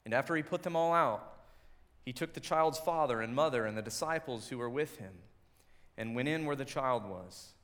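A man preaching a sermon as pastor, dropping to soft, quiet lines and then building to loud, emphatic passages, and reading scripture in a lower, steadier voice. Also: lively intonation, normal speed.

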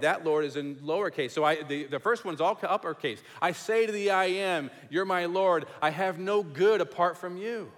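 A man preaching a sermon as pastor, emphatic and repetitive, dropping to a hush on key words. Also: high voice, normal speed, hardly any pauses. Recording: long hall reverb.

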